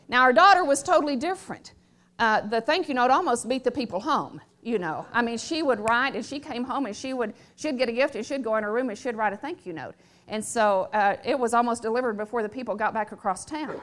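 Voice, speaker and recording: A woman's voice: on the high side, fairly quick, a bit bright. A middle-aged woman preaching a sermon, emphatic and repetitive, calling on the congregation to respond.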